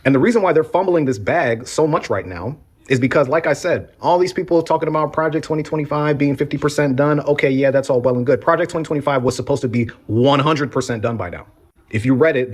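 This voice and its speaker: A man giving political commentary in a steady, plain-spoken, argumentative way. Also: mid-range voice. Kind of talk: reaction commentary.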